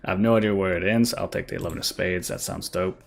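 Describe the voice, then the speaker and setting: A man's voice: sits low, fairly even intonation, quick pace, gravelly. A young man streaming a card game, thinking aloud and reading card text with many fillers. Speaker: gaming streamer. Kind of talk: casual gameplay commentary.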